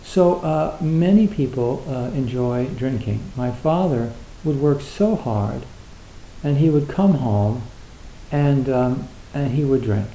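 A man's voice: medium pitch, slow, warm tone, roomy sound, slight background noise, rough recording. A man giving a reflective, casual talk on Zen, hesitant and full of fillers, acting out little dialogues.

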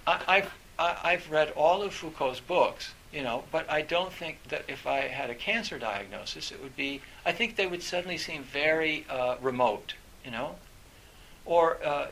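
A middle-aged man, a university professor, giving a reflective talk in a halting way, with many fillers and restarts. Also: on the high side, a bit bright, slight background noise, low-quality recording.

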